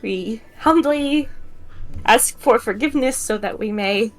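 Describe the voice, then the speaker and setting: A woman's voice: a little high, unhurried. A woman voicing a polite, nervous young woman traveler who rambles as she pleads.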